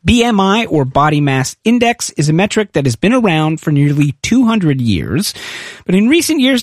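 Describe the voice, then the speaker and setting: A man's voice: high-pitched, no echo, clean studio sound. A male radio host interviewing a guest live, talking conversationally and hedging with fillers.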